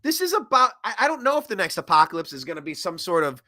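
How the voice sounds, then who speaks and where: Animated ranting man, bright voice. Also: sits high, fast, no room sound, clean studio sound. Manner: animated ranting, swings loud and soft. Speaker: host. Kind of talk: opinionated political commentary.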